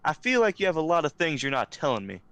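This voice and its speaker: A man's voice: a little high, sing-song, quick pace, fairly bright tone, clear, resonant tone, dry recording. A man playing a tabletop role-playing game, describing his character's actions with a drawling, menacing manner. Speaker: player.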